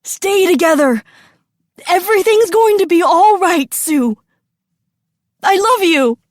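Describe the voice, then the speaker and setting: A woman's voice: very high-pitched, animated, takes it slowly, no echo, clean studio sound, voice pushed up, full character voice. A woman voicing a desperate father who calls out to his daughter, his voice strained with anguish.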